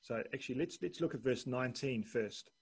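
A man's voice: mid-range voice, a little fast, creaky, breathy edge. A man preaching a sermon, reading a long scripture passage aloud and lifting his voice for the quoted speech.

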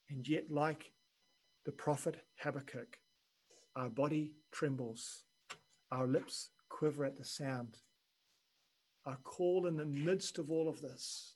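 A man preaching a sermon in an earnest, measured way, dropping quiet and then rising for emphasis. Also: fairly high pitch, steady tone, breathy edge, rough recording. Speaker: pastor.

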